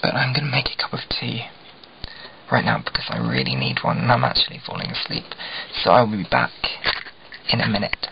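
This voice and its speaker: A man's voice: on the low side, sing-song, fairly quick, vocal fry, in a whisper. A young man from England vlogging in a casual, rambling, self-deprecating way, full of "like" fillers. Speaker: video blogger. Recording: dull lo-fi webcam audio with faint hiss.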